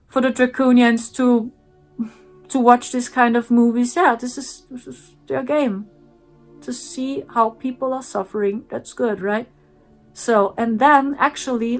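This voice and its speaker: A woman, an English speaker, earnestly recounts a strange personal experience and repeats sound effects. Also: fairly high pitch. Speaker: spiritual channel host. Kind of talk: personal storytelling.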